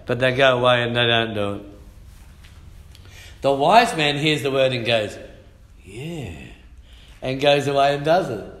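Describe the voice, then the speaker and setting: A middle-aged man, preaching a fiery sermon in church, sometimes shouting. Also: medium pitch. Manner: fiery, shouting and humming out rhythms. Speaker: pastor. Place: church hall. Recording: echoey church hall.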